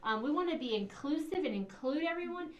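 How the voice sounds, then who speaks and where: A woman's voice: high voice, lively intonation, fairly quick, lo-fi sound. A middle-aged woman giving morning announcements to schoolchildren in a sing-song, teacherly way. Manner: sing-song teacherly, acts out kids' lines. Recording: echoey room, far from mic, faint hiss.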